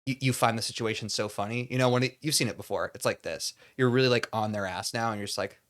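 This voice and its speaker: A man's voice: on the low side, quick pace, a bit bright. A man doing a satirical monologue to camera as a self-important actor, rambling and now and then breaking into overwrought acting demonstrations. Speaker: comedy YouTuber.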